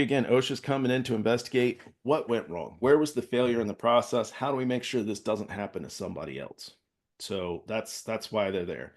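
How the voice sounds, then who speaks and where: A man working as a safety consultant gives a workplace safety training talk in a conversational way, often checking in with his listeners. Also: mid-range voice. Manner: conversational, peppers points with "all right?" check-ins.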